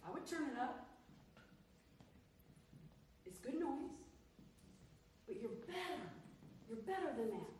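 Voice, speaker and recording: A woman's voice: sits high, big pitch swings, measured pace, long pauses, darkish tone. A woman vocal coach coaching a singer, playful and teasing but encouraging, sometimes singing lines to show how. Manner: breaks into sung demonstrations. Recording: echoey room, mic far off, faint noise.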